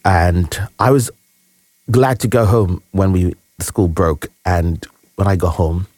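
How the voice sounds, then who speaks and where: A man, a guest telling a personal story in an earnest, halting, reflective way. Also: low voice, steady tone, darkish tone, no echo. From Nigeria. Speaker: interview guest.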